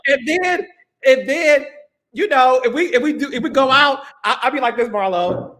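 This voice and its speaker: A male podcast host in casual chat, playful and laughing often, sometimes dropping into a deeper put-on voice. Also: normal speed, bright, forceful tone.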